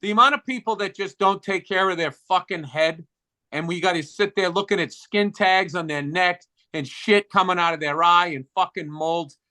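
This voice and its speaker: A man's voice: sits high, normal speed, sharp tone. A middle-aged man with a Boston accent, co-hosting a podcast in casual comedic chat, ranting profanely and sarcastically. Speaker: podcast co-host.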